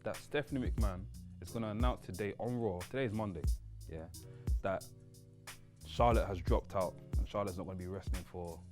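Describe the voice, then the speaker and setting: Fast-talking low-voiced guy. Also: over music. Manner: rambling, playful storytelling. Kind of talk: casual wrestling chat.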